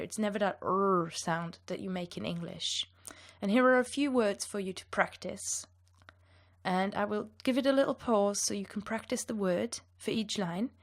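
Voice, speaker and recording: A woman from western Germany with a German accent, explaining pronunciation to learners in a clear, patient and lightly playful way. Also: mid-range voice. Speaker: language teacher. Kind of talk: pronunciation lesson.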